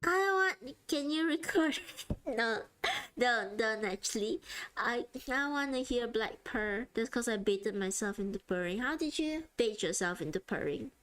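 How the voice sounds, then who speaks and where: Giggly woman streamer, fairly high voice. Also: lively intonation, unhurried, a bit bright. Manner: giggly and chatty, often laughing mid-sentence. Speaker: streamer drawing live. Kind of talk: casual livestream chat.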